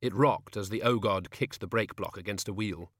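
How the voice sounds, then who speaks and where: A man narrating an audiobook in a wry, expressive storytelling manner, recorded in a studio. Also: lowish voice, normal speed, husky, no echo. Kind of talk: scripted narration.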